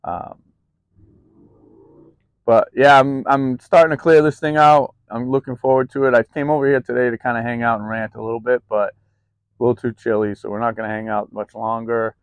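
A man's voice: medium pitch, steady tone, a little fast, clean tone, dry recording. A man talking candidly in a personal vlog, rambling and confessional with many ums and restarts, recorded outdoors in the cold. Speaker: vlogger.

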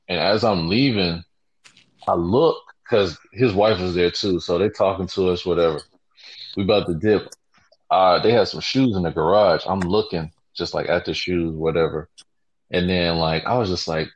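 Deep husky laid-back man, lo-fi. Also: steady tone, normal speed. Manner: laid-back slangy storyteller. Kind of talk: casual storytelling. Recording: dull lo-fi recording.

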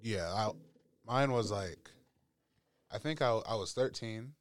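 A man's voice: on the low side, slow pace. A young man appearing as a guest on a casual podcast, laid-back and joking. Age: young adult. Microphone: podcast microphone.

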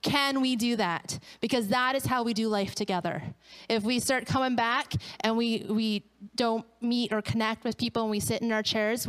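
A woman pastor delivers a sermon in a smooth, clear voice that sits a little high. She tells her stories with animation, acting out the voices of the people in them. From Canada.

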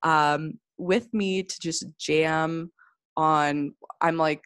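Low-voiced gushing woman podcast host. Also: drawn-out words, clear, resonant tone, no echo, studio quality. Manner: gushing, excited, many fillers. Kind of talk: casual podcast chat.

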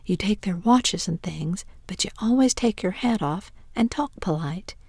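A woman's voice: mid-range voice, lively intonation, measured pace, vocal fry, darkish tone, husky, no echo, studio quality, heavily acted. A woman whispering the part of a bold, adventurous boy in a whispered role-play, eager and a little bossy, with folksy speech.

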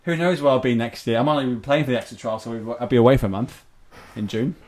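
A man in an easy, rambling podcast chat, breaking into laughter as he talks. His voice sits at a middling pitch and he swears mildly in passing. It sounds like relaxed banter between friends. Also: quick pace. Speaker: podcast host. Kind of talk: casual chat.

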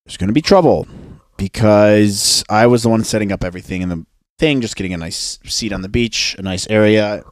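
A man's voice: on the low side, a little fast, dry recording, studio quality. Sarcastic young man telling a story. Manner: rambling, sarcastic, mocks others in put-on voices. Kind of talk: casual storytelling chat.

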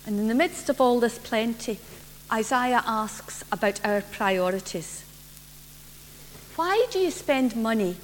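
A woman minister, preaching a sermon in a church and telling a gentle story. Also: a little high, lively intonation, measured pace. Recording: reverberant church, faint hum.

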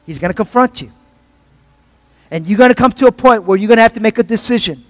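Male pastor, high voice, repetitive, call-and-response sermon, heard off-mic in a long-echo hall. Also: fast talker. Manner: preaching with call-and-response asides; repeats phrases for emphasis, some stumbles.

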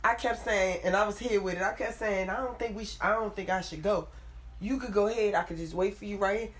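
A woman's voice: mid-range voice, fast. A woman in her twenties telling a funny personal story in casual, profane chat, often laughing. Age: 20s.

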